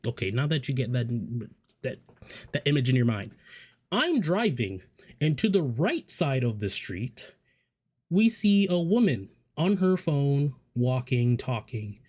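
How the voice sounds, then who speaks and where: A man's voice: medium pitch, a little mellow. A man casually telling a personal story to viewers, rambling with profane, joking asides. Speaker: storyteller vlogger.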